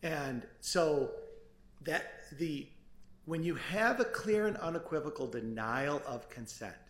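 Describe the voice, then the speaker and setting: A man's voice: on the high side, animated, takes it slowly, a bit bright. A man arguing an appeal as an attorney, earnest and emphatic, often restarting his sentences. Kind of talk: appellate oral argument. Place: courtroom. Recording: echoey courtroom.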